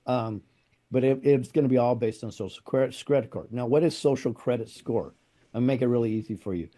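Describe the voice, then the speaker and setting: A man's voice: mid-range voice, fairly quick, warm tone. A man hosting a political talk show, chatting casually and repeating himself as he makes his points. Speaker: show host.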